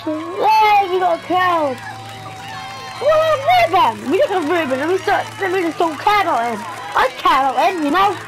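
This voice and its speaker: A woman's voice: very high-pitched, expressive, normal speed, hardly any pauses, rough recording. A woman giving let's play commentary on a story game, dramatic and emotional, repeating words over and over. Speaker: gamer playing a story game.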